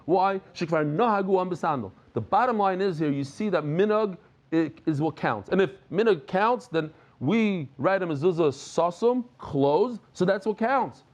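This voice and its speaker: A man giving a lively Daf Yomi Talmud lesson, dropping Hebrew and Yiddish terms and repeating words as he pushes a point. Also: high voice, normal speed, highs cut off. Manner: repeats and restarts words, jokes with listeners.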